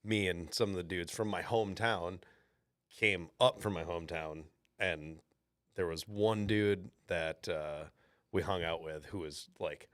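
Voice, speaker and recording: A man's voice: deep voice, fairly even intonation, a little slow, a bit bright, dry recording, studio quality. A man chatting as a podcast guest, recalling things in a loose, laughing way. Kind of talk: casual chat.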